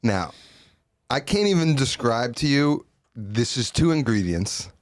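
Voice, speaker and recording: A man's voice: medium pitch, sing-song, measured pace, no echo. Enthusiastic man talking about food, dry. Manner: enthusiastic, rambling with fillers. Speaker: podcast guest, food creator. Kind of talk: casual chat.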